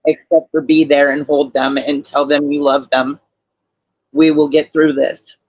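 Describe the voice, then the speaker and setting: A man's voice: on the high side, little pitch movement, a little slow, dry recording. Older man on dull, dry call audio. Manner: blunt, profane and heartfelt. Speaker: guest on a live stream. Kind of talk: emotional live stream discussion.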